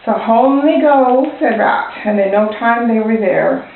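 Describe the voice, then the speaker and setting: Young woman, storytime read-aloud, gentle; tinny, very echoey recording. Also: on the high side, expressive, unhurried, creaky, far from the mic. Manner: gentle, pointing out the pictures. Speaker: library student reading a picture book.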